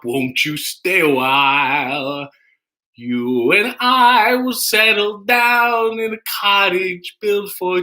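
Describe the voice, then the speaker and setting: A man putting on a drawling older male crooner's voice, singing slowly. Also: high-pitched, pushed and bright, pitched above the performer's own voice, exaggerated voice. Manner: slow drawn-out crooning. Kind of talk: sung impression.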